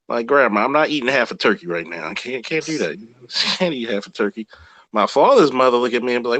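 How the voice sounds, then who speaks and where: A man in casual chat, telling animated, profane stories and imitating his relatives. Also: medium pitch, fast, no echo, low-quality recording.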